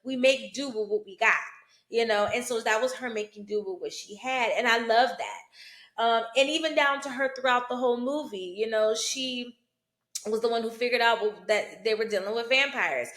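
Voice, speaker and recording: A woman's voice: fairly high pitch, moderate pace, fairly bright tone, roomy sound. A woman who practices root work, giving a casual spoken commentary on a film, checking in often with "you know" and "right?". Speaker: hoodoo root worker and vlogger.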